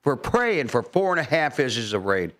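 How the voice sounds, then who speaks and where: A man's voice: mid-range voice, big pitch swings, normal speed, a bit bright. A man co-hosting morning radio in a studio, ranting in an exasperated, theatrical way. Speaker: radio co-host. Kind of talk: comic rant on morning radio.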